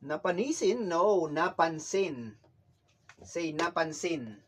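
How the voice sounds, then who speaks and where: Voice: mid-range voice, animated, measured pace, a little hiss or hum. An adult drilling a child on vocabulary at home, patiently repeating words for the child to echo. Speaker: parent teaching a child.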